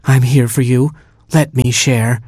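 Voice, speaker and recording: Earnest, soothing baboon king in a storybook, read by a man, husky voice, dry sound. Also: medium pitch, fairly even intonation, a little slow, darkish tone, no echo. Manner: earnest, therapy-speak sincerity.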